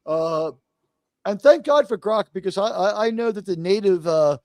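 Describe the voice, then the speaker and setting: A man in his fifties hosting a casual live stream, excitable and rambling as he greets viewers one by one. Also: high-pitched, normal speed, no room sound.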